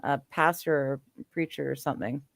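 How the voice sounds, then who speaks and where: A man hosting a casual video call chat, easygoing and quick to laugh. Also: mid-range voice, gravelly, fairly bright tone, no room sound, clean studio sound. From coastal region. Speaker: host.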